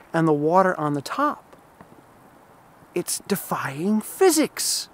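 A man giving an emphatic, explanatory vlog monologue outdoors beside a pond while out running. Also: fairly high pitch. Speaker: running vlogger.

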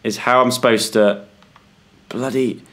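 A man's voice: mid-range voice, fairly even intonation, unhurried, a bit bright. A young British man commentating a horror game for viewers, jumpy and yelping when scared. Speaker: gaming YouTuber. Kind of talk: let's play commentary.

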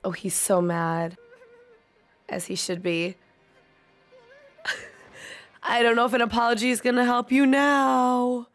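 A woman's voice: a little high, steady tone, slow pace, pauses often. Emotional young woman reacting to anime. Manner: emotional, swearing, gasping and pleading at the screen. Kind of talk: live reaction to an anime episode.

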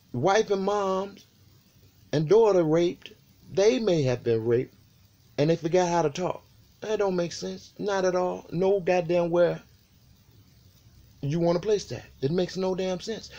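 A man delivers a loose, rambling monologue and fires off rhetorical questions. His voice is gravelly and warm, and his pitch swings widely as he pushes his points. He swears freely and keeps coming back to the listener. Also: muffled recording. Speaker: video channel host. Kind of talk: casual monologue to camera.

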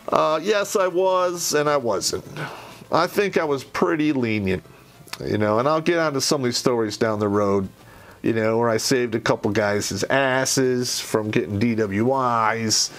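A man hosting a show, telling barracks stories in a blunt, profane, rambling way, full of fillers and swearing. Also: a little high. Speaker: podcast host telling army stories. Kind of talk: casual storytelling monologue.

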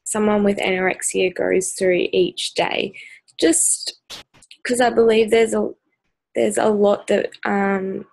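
A woman's voice: mid-range voice, fairly even intonation, slow, creaky, darkish tone, no echo, low-quality recording. An Australian woman vlogging straight to camera, earnest and hesitant with many ums, sounding exhausted. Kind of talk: personal talk to camera.

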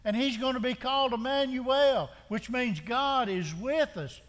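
A man's voice: very high voice, measured pace, fairly bright tone, long reverb tail. A man preaching a sermon as pastor, driving home his point with repeated rhetorical questions and frequent restarts. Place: church sanctuary.

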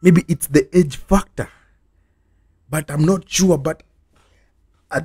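A man rants to his viewers in a husky, slightly higher-pitched voice, dragging out his words at a slow pace. His tone is dark and mellow, and he circles back to the same angry line again and again. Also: steady tone. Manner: repetitive, chant-like ranting. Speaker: reaction video host. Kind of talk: casual ranting reaction.

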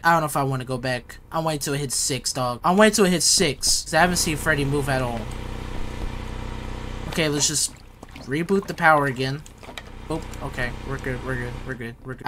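A man's voice: fairly high pitch, fairly bright tone. Jumpy young man narrating horror gameplay. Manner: jittery, repeats himself, slangy. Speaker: gaming YouTuber. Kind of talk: horror game commentary.

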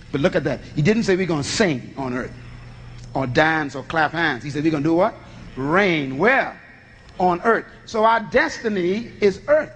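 A man's voice: high voice, a bit bright, big-room sound. A man preaching a teaching sermon, reading scripture aloud, then posing questions and answering them himself. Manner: reads scripture aloud and explains it.

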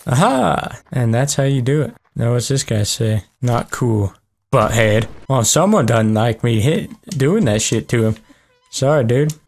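Young male let's-play host, middle pitch, brash, profane, excitable. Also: measured pace, creaky, a little hiss or hum. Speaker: gaming channel host. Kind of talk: casual let's play commentary.

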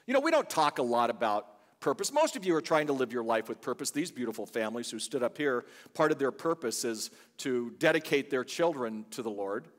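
A man's voice: medium pitch, animated, fairly quick, few pauses, in a large hall. An older man, a guest pastor, preaching a sermon full of chatty, humorous family stories in a church. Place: church sanctuary.

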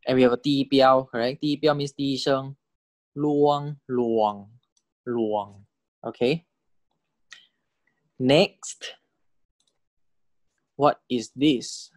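A man delivers a recorded lesson in a patient, methodical way, pausing often to check that the listener is following. He repeats each example word several times, letting his pitch rise and fall to show the tones. His voice sits at an ordinary middle pitch, and the recording is dry and close with no room echo. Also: flat delivery. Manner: patient, checks understanding with repeated "correct?" and "okay?". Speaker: Thai language teacher. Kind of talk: recorded lecture explaining Thai spelling and tones.

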